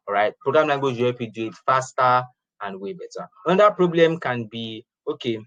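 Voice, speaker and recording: A man's voice: mid-range voice, lively intonation, normal speed, fairly bright tone, no room sound, muffled recording. Chatty man teaching programming. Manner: chatty, repeats and restarts phrases, laughs often. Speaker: programming instructor. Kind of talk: informal classroom lecture.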